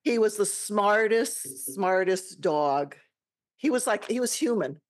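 A woman's voice: mid-range voice, animated, takes it slowly. A woman hosting a podcast, sharing a personal story in casual chat, often laughing through it. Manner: chatty, laughs often, emotional. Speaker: podcast host.

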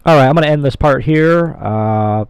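A young man giving excitable, profanity-heavy commentary while playing a video game, with frequent loud outbursts. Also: mid-range voice, moderate pace, clear, resonant tone, dry recording. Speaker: gamer. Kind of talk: let's play commentary.

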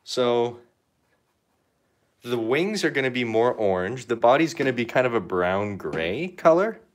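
A man's voice: medium pitch, sing-song, a little slow. A young man chatting casually on a painting livestream, rambling and joking with lots of fillers. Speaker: art livestreamer.

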